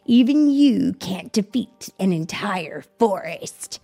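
Lady reading a kids story out loud, slow, husky and a bit gravelly. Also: mid-range voice. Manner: expressive read-aloud with sound effects.

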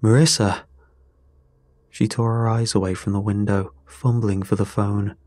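A man narrates a first-person story in an unhurried, measured delivery. His voice is low-pitched and husky. The sound is close and dry. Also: level tone, mellow, no room sound. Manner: slow, measured.

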